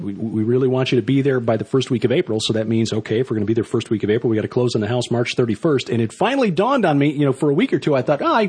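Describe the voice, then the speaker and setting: A man co-hosting a podcast in casual chat, rambling and halting with many fillers, and reading a scripted outro. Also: medium pitch, darkish tone, breathy edge. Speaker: podcast co-host.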